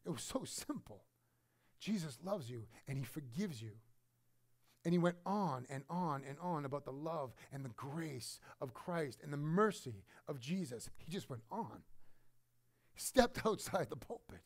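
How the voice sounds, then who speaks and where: With a fairly high-pitched, expressive voice and a measured pace, a middle-aged man preaches as a pastor. His sermon includes an emotional personal story, moving between loud emphasis and hushed quiet.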